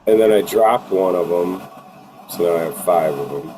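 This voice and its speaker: A man's voice: sits low, moderate pace, noisy background. A man telling offhand stories in a casual group chat. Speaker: home grower guest.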